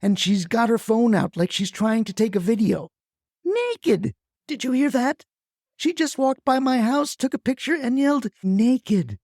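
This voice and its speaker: A woman's voice: normal speed, darkish tone, dry recording, clean studio sound, close to an everyday voice. A performer voicing a frantic, gossiping neighbor woman who panics while reporting to a dispatcher. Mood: alarmed. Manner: breathless, panicky, shrill.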